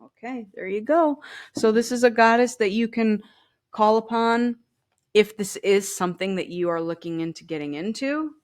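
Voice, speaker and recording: A woman with a slightly high voice and moderate pace gives a casual tarot and oracle card reading. She reads the card texts aloud and talks straight to the viewer, tossing in chatty "you know" asides.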